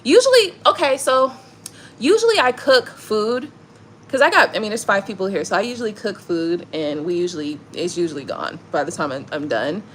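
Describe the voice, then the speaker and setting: A woman's voice: medium pitch, normal speed, slight background noise. A woman, chatting casually to viewers on a live stream, telling stories with lots of swearing and laughter. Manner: animated storytelling, swearing, frequent laughter. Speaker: tarot reader hosting a live stream.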